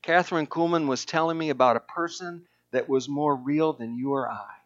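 A man's voice: on the high side, moderate pace. Earnest pastor with a lighter male voice. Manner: earnest and emphatic, with fillers and restarts. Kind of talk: sermon with reading aloud from a book. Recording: dull lo-fi recording.

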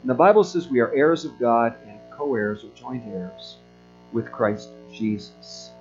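A man preaching a sermon from a church, earnest and building to forceful high moments. The sound is a little muffled, with a soft plucked guitar playing underneath. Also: unhurried. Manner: earnest, rising to emphatic peaks. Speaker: pastor.

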